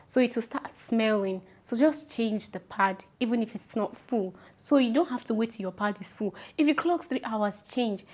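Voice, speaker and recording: Giving relaxed advice straight to the camera, a young vlogger with a Nigerian accent speaks warmly and chattily, stressing and repeating her instructions and addressing viewers as "my love". She has a fairly high, darkish voice and a moderate pace with few pauses.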